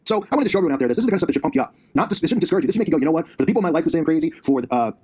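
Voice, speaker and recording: A man's voice: a little high, animated, very fast, darkish tone, husky. A man hosting his own commentary channel, ranting combatively and sarcastically, recorded on a laptop in his basement. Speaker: conspiracy commentary channel host. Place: home basement.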